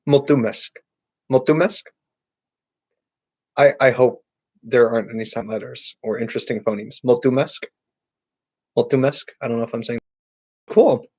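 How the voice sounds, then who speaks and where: A man answering viewer questions on a casual live stream, chatty and halting, with many restarts and repeated words. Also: medium pitch, steady tone, a little mellow, husky, rough recording. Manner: chatty, talks directly to chat viewers.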